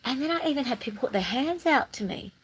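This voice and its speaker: A woman's voice: high voice, expressive, fast, husky, rough recording. A woman talking casually to the camera in a bubbly, chatty way, with playful sing-song bursts. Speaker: spiritual vlogger. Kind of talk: casual monologue.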